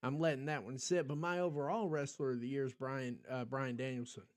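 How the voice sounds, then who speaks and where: A man's voice: medium pitch, steady tone, brisk. An American man hosting a podcast livestream, rambling in casual chat, full of ums and restarts and answering viewers in the chat. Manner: rambling, talks back to chat, frequent ums. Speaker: podcast host.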